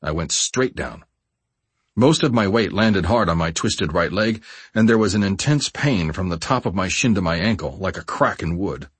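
A man narrating a first-person memoir audiobook in a measured, steady way. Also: sits low, breathy edge, no room sound.

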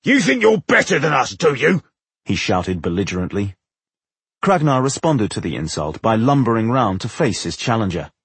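A man narrating a fantasy audiobook in an expressive storytelling manner, with a husky voice. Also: on the low side, no room sound.

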